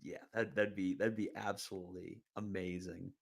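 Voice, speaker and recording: A man's voice: deep voice, fairly even intonation, moderate pace, gravelly, slightly rough. A young man hosting a live stream, chatting casually and answering viewers' questions, rambling with fillers and laughing at comments. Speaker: livestream host answering chat.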